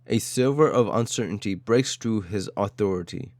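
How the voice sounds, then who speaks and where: Male story narrator, dramatic and clipped; low-pitched, dry sound. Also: normal speed, darkish tone, dry recording.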